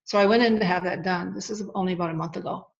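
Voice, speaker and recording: A woman with a fairly low voice tells a personal story at length, earnest and animated, and often restarts her sentences. The recording is dull and lo-fi. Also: racing, vocal fry. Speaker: guest.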